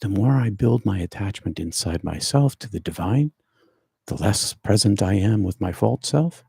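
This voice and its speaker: A man hosting a spiritual livestream, speaking slowly and repetitively with gentle emphasis. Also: on the low side, animated, dry recording, clean studio sound. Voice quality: gravelly, husky. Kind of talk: meditative live-stream talk.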